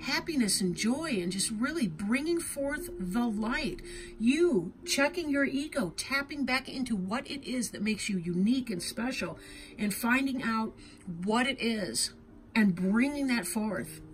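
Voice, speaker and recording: A woman's voice: fairly high pitch, animated, measured pace, slight background noise. A woman giving an intuitive tarot reading to her viewers, talking in an earnest, heartfelt way and often checking in with "right?". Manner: earnest, emotional, tag questions like "right?". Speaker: tarot reader.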